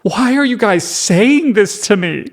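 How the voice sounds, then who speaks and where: A man voicing a whiny, exasperated male leader who is fed up with the people he leads, in a high, exaggerated complaining tone. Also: lively intonation, a little slow. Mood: whining. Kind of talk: comedic paraphrase of scripture.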